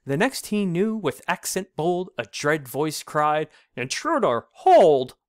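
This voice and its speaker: A man reading an old rhyming storybook aloud, in a measured, sing-song delivery. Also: fairly high pitch, expressive, a bit bright, dry recording, studio quality.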